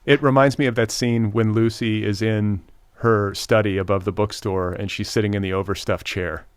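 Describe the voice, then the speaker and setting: Guy hosting a podcast, kinda low voice, rambly questions, dry close mic. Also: fairly even intonation, moderate pace, clear, resonant tone, no echo. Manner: long winding questions with fillers and restarts. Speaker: podcast host. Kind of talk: conversational interview questions.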